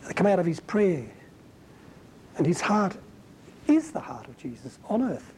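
A man giving a conversational Bible teaching as a preacher, talking in an animated, colloquial and emphatic way. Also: high voice, a little slow, a little hiss or hum, rough recording.

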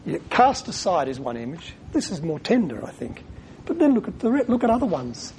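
A man preaches a sermon, his voice slightly high for a man yet mellow in tone. He talks earnestly, with pauses, and sometimes acts out the lines he quotes. A faint noise hums behind him. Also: sing-song.

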